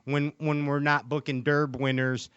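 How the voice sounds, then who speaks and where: A man's voice: fairly high pitch, little pitch movement, a little slow, fairly bright tone, clear, resonant tone, dry recording, highs cut off. A man hosting a casual call-in fishing talk show, rambling and friendly. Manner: hyped announcer-style intros, loose rambling talk. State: out of breath. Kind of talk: casual podcast chat.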